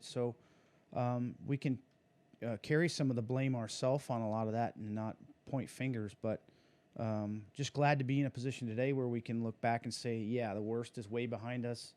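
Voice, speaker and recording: Mellow-voiced racing driver, rambling. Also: male voice, mid-range voice. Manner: rambling, many fillers and restarts. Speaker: guest, sprint car driver. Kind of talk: casual interview talk.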